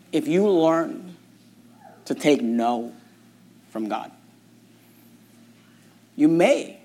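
Reading from scripture during his sermon, a pastor with a high voice alternates between hushed, unhurried stretches and loud bursts of passion.

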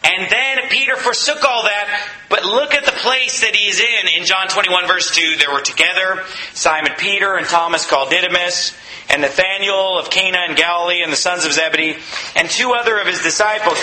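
Male preacher, emphatic sermon, rhetorical questions, sharp bright tone, echoey room. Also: high voice, moderate pace.

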